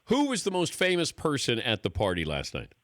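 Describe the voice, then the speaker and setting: A man's voice: medium pitch, a little fast, no echo, clean studio sound. A man hosting a radio talk show, joking and telling self-deprecating stories. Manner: jokey, animated, self-deprecating storyteller. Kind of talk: casual radio interview.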